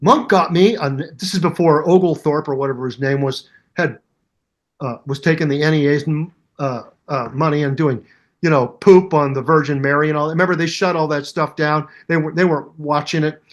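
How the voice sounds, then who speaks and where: A man in his seventies, a musician guest in an interview, telling anecdotes in a hyper, animated way and acting out the voices of people in his stories. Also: a little high, normal speed. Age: 70s. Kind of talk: storytelling interview.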